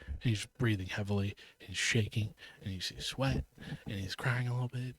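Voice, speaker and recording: A man's voice: on the low side, fairly even intonation, fairly quick, a bit bright, slightly rough, dry recording. A man co-hosting a podcast in casual chat, animatedly retelling a film scene, swearing and acting out the lines. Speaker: podcast co-host.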